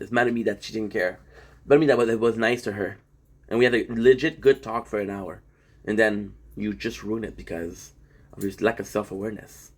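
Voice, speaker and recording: A man streamer talking in a casual vlog monologue, rambling and profane, telling stories in an animated way. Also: lowish voice, husky.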